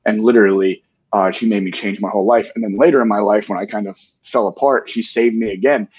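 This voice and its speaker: A man's voice: fairly low pitch, steady tone, fast talker, darkish tone, slightly rough, lo-fi sound. A man in his forties as an interview guest, speaking earnestly in candid talk and often tagging his points with "right?". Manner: earnest, tag questions with "right?".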